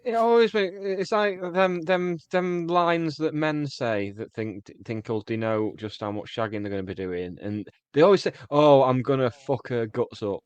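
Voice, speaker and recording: A man's voice: fairly high pitch, moderate pace, hardly any pauses, clear, resonant tone, no echo. A man co-hosting a podcast, chatting casually and animatedly, mimicking crude lines for laughs. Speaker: podcast co-host. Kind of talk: casual comedic chat.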